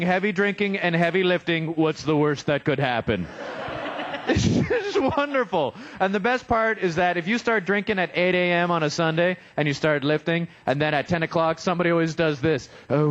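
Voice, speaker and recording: Young male comic, fairly high voice, stand-up set in a restaurant, dull lo-fi live recording. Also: a bit bright. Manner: self-deprecating, joking, acts out quoted voices. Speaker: stand-up comedian.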